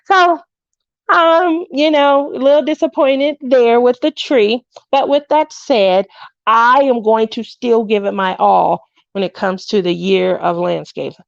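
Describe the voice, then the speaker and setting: A woman's voice: a little high, unhurried, vocal fry, no echo, muffled recording. A middle-aged woman casually chatting on her craft livestream, greeting viewers by name and laughing often.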